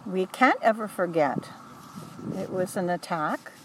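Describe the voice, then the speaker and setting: Older woman, low-ish voice, earnest and halting storyteller; mic set back, traffic loud behind. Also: animated, distant mic, low-quality recording. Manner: earnest, halting, with self-corrections. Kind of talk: oral history recollection.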